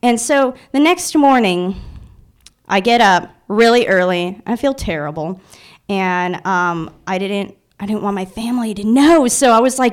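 A young woman telling a personal story in an animated, self-mocking way, full of filler words. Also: mid-range voice, unhurried. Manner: animated, filler-heavy retelling with many "like"s; self-mocking, anxious narrating tone.

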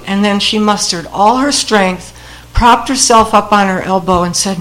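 A woman's voice: medium pitch, moderate pace, a bit bright, rough recording. An older woman telling a personal family story in a wry, humorous way, laughing at the funny moments as she goes.

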